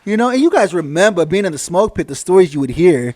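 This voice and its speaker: Fast-talking, profane male podcast host. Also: sits high, no room sound. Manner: profane, animated, gets loud when fired up. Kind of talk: casual podcast chat.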